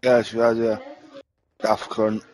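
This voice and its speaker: A man's voice: fairly low pitch, monotone, slow pace, a little mellow, low-quality recording. A man swearing and scornful in game voice chat, hurling insults. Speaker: online game player.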